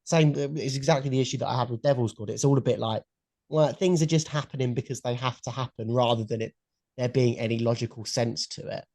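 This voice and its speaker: Excitable young man on a podcast. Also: mid-range voice, fast talker, no room sound. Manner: excitable, blunt, swears freely. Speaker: podcast co-host. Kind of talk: casual chat. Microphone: headphones and mic at home.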